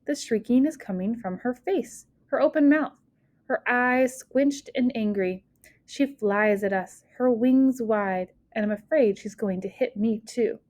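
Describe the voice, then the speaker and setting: A woman narrating a first-person audiobook in an expressive reading that speeds and slows with the story. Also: on the high side, no echo. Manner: expressive, shifting pace with the story.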